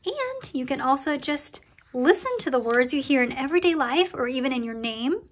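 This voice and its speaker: A woman teaching a preschool circle time lesson, talking to young children in a cheerful, slow and encouraging way. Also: high voice, expressive.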